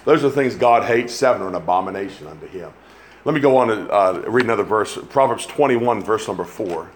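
A man preaching a sermon, climbing to loud emphatic peaks and dropping back to low, quiet asides. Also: lively intonation, a little fast, a little hiss or hum. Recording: echoey room with faint ambience.

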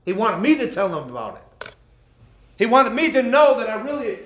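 A man preaching a sermon as pastor, impassioned, swinging between loud and hushed. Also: extremely high pitch, very animated, moderate pace, long pauses. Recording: echoey room.

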